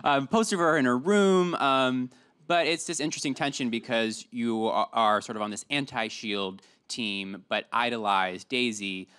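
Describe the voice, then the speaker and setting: An interviewer asking measured, friendly questions with "um" and "you know" fillers. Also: mid-range voice, a bit bright, clear, resonant tone.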